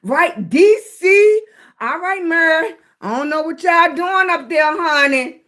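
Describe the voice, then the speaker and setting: Woman, high voice, casual livestream host, affectionate, calls viewers sweetie. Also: expressive, slow pace, a bit bright. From Virginia, US. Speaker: live streamer.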